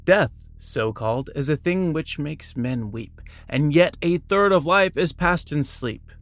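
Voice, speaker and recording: A man's voice: fairly high pitch, lively intonation, a little slow, fairly bright tone, dry recording. A man reading short biographies and quotes aloud, breaking off now and then for casual asides and small self-corrections.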